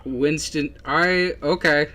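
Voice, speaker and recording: A man's voice: fairly high pitch, fairly even intonation, slow pace, pushed and bright. A young man hosting a casual livestream while drawing, talking in a goofy way and slipping into a silly put-on accent. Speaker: livestream host.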